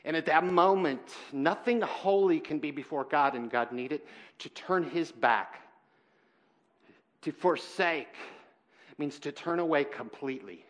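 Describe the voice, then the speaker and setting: A man delivers an earnest church sermon, his voice sitting a little higher than most men's. He talks in halting bursts, rising to loud emphasis and then dropping to near-hushed, heavy lines. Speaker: pastor.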